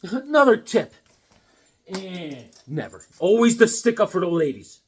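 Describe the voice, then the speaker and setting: A man's voice: high voice, very animated, measured pace, a little mellow, husky. A man casually chatting about his comic books, rambling and cracking corny one-liners. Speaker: comic book vlogger. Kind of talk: casual comedic chat.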